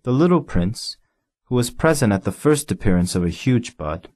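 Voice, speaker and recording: Expressive male audiobook narrator. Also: medium pitch. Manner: measured, expressive storytelling.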